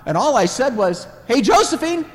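This is a cheerful, chatty female babysitter, as a preacher puts her on. Her voice sits high and swings widely as she recounts events. It rings out through a large reverberant hall. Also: sing-song, moderate pace.

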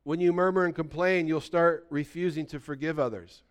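A man's voice: fairly high pitch, steady tone, moderate pace, smooth. A pastor in his sixties preaching a sermon in a conversational storytelling way, often checking in with his listeners.

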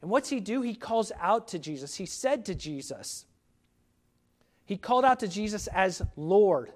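Male preacher, high tenor register, earnest and emphatic sermon delivery. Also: sing-song, a little slow.

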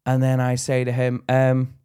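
A man's voice: mid-range voice, completely flat delivery, moderate pace, warm tone, clean tone. Blunt man telling stories. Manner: blunt, swearing storyteller. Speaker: podcast co-host. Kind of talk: casual chat.

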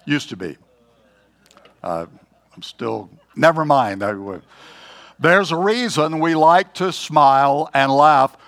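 Older guy preaching, slow folksy sermon, cracks jokes, clears his throat a lot. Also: fairly high pitch, animated, a bit bright.

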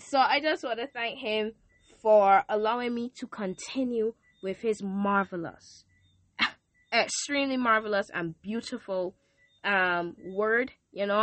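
A woman's voice: mid-range voice, fairly bright tone, dry recording. A teenage girl hosting her own podcast, chatting affectionately to her listeners with lots of fillers and thank-yous. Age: teens. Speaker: podcast host. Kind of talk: casual faith podcast thank-you message.

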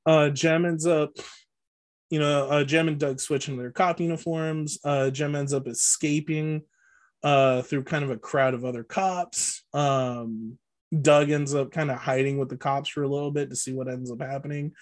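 A man's voice: fairly high pitch, fairly even intonation, moderate pace. A man co-hosting a podcast, casually recapping a movie plot with lots of fillers and frequent laughs. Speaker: podcast co-host.

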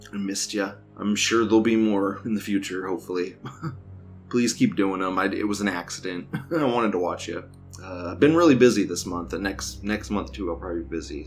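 A man's voice: on the low side, a bit bright. A young man hosting a casual commentary show, rambling and crude, laughing often. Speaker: show host.

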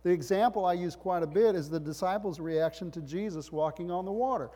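A man's voice: high voice, brisk, warm tone. A middle-aged man preaches a sermon, his somewhat raised voice climbing into emphatic bursts between rhetorical questions. He sounds like a pastor working a congregation. The sound rings out with a long reverb, as in a large hall.

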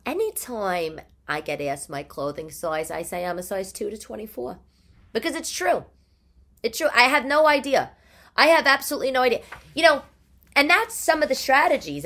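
A woman hosting her podcast, chatting in a chatty, animated monologue from her living room. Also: fairly high pitch, moderate pace. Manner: chatty and animated, with rhetorical questions. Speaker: podcast host. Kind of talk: casual monologue.

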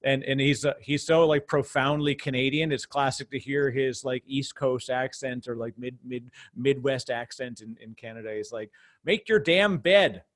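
A man's voice: mid-range voice, flat delivery, moderate pace, few pauses. A man hosting a casual interview, talking in long rambling stretches with frequent restarts and laughs. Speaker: podcast host.

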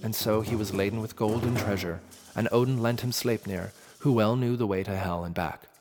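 A man narrating a myth in a measured, dramatic storytelling manner. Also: on the low side, fairly even intonation. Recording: long reverb with faint music.

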